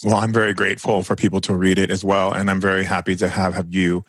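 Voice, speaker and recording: A man's voice: low voice, flat delivery, fast, dry recording, clean studio sound. A man hosting a podcast, closing an interview with effusive, gushing praise for his guest. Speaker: podcast host. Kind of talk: warm interview wrap-up.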